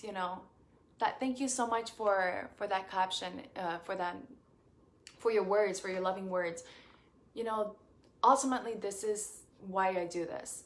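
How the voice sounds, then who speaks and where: A woman's voice: medium pitch, unhurried. Young woman, from Puerto Rico, beauty queen, casual live chat, effusive, grateful, filler words. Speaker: beauty queen answering fan questions.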